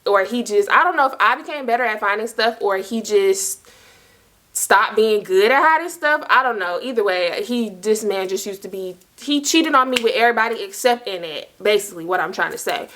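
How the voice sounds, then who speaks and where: A woman's voice: medium pitch, expressive, fairly quick, fairly bright tone. A young woman casually telling a personal story to her viewers, chatty and slangy, full of asides to the audience. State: dry mouth. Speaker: storytime vlogger.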